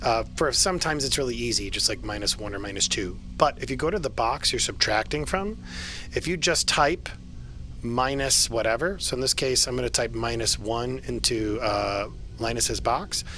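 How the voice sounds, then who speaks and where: A man running an online tabletop horror game as game master, relaxed and a little halting, patiently explaining the rules. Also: medium pitch, a little hiss or hum. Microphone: home streaming mic.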